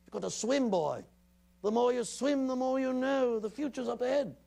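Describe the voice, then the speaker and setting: A man putting on the voice of a wise old wizard, speaking in a gently instructive, fatherly way. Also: very high-pitched, moderate pace, vocal fry, voice pushed up, heavily acted. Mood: wise, coaxing.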